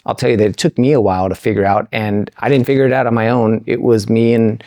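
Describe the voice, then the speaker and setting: A man's voice: fairly low pitch, steady tone, quick pace, dark tone, dry recording, studio quality. A male podcast host asking long, rambling questions with many restarts. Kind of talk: interview questions. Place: Las Vegas.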